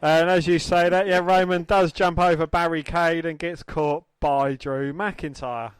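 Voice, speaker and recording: A man's voice: a little high, steady tone, measured pace, smooth, no echo. A man co-hosting a podcast, calling wrestling moves in a blunt, crude, casual way. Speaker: podcast co-host. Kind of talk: casual wrestling commentary chat.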